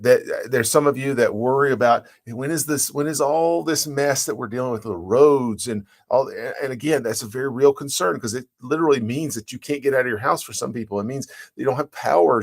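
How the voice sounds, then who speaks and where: A man as pastor, giving a devotional sermon in an earnest, plain-spoken way, reading scripture and explaining it verse by verse. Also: medium pitch.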